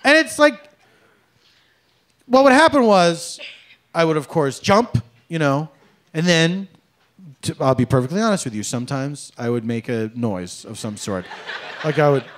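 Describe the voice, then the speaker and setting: Animated high-voiced man doing stand-up. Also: a little slow, long pauses. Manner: animated, exaggerated mock-polite delivery. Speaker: stand-up comedian. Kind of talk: stand-up comedy set. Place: comedy club stage with a laughing audience.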